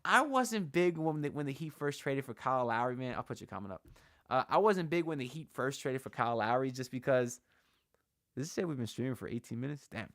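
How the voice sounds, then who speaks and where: A man's voice: mid-range voice, expressive, fairly quick, a bit bright, no room sound, clean studio sound. Slangy, hyped man on a livestream. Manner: loose, slangy, hyped, talks to chat. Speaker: host of a sports channel livestream. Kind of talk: casual livestream chat. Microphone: shotgun mic on camera.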